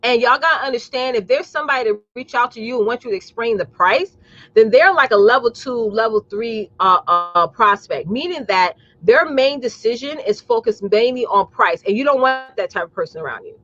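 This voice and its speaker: A woman's voice: fairly high pitch, animated, brisk, fairly bright tone, dry recording, dull audio. A woman business coach hosting a live talk, blunt and sassy, calling her audience y'all and preaching about mindset. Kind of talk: live streamed motivational talk.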